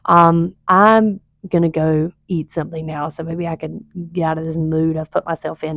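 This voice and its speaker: Gravelly-voiced woman ranting about books. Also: low voice, steady tone, moderate pace, hardly any pauses, a bit bright, dry recording. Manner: rambling, exasperated, swears freely. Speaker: book reviewer. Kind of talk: casual book review vlog. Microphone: home video mic. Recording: dull lo-fi home mic.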